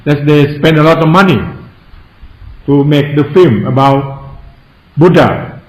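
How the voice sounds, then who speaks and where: A man who speaks Thai natively, a Buddhist monk giving a Dharma talk in non-native English, slowly questioning his listeners and repeating key phrases. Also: a little high. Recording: echoey room.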